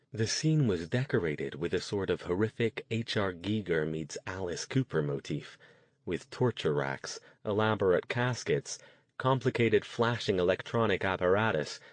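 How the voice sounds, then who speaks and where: A man narrating a novel in a measured, even storytelling manner. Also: fairly low pitch, no echo. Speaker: audiobook narrator. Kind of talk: scripted narration.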